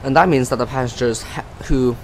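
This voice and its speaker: A man's voice: medium pitch, brisk, slight background noise, rough recording. A man casually commenting on his flight sim stream, chatty and self-mocking, often trailing off and restarting.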